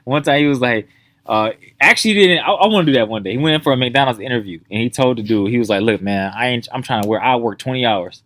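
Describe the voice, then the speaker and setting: Dude on a podcast telling funny stories, doing everybody's voices, cussing a lot, dry close mic. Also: male voice, mid-range voice, quick pace, no room sound. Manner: animated storyteller, acts out quotes, swears freely. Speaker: podcast co-host. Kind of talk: casual chat.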